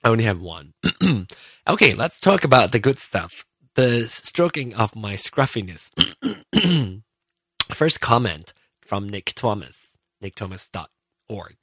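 A man's voice: lowish voice, big pitch swings, takes it slowly, long pauses, fairly bright tone, breathy edge, no echo. Rambling, self-mocking male podcast host. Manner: rambling and self-mocking, many fillers and restarts. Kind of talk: casual solo podcast chat.

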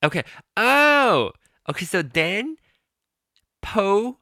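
Podcast guy rambling on his own show, bright lively voice, keeps saying sorry and trailing off, dry close sound. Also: fairly high pitch, takes it slowly, creaky, no echo. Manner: rambling, apologetic, self-interrupting with fillers; chatty and animated. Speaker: podcast host. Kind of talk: casual solo podcast chat.

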